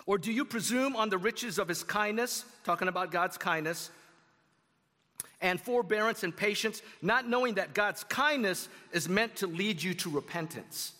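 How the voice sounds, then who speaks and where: Bright-voiced man preaching in a hall. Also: sits high, normal speed. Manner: conversational preaching with asides to the congregation. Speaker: pastor. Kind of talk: sermon. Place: church sanctuary.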